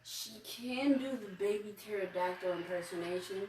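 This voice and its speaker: A woman chatting in an animated, slangy way, laughing as she tells a story. She sounds set back from the mic, in a room with a noticeable echo. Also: medium pitch, normal speed, recorded from a distance, slight background noise. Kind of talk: casual chat.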